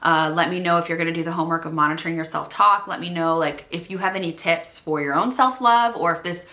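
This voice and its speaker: Young female vlogger, bright tone, casual and rambling, speaking to camera alone in her room. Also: on the low side, fast. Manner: rambling, heavy use of "like". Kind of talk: chatty self-help vlog.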